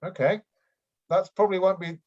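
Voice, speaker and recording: A flustered aristocrat who rambles, hesitates and trips over his own sentences, as a man improvises him. His voice sits a little high. It comes through a muffled, lo-fi video-call line. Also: fairly even intonation, normal speed. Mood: bumbling. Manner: rambling, hesitant, full of ums and restarts. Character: bumbling middle-aged male aristocrat, flustered and unfit. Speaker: improv performer. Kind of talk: improvised comedy scene. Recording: dull lo-fi video call audio.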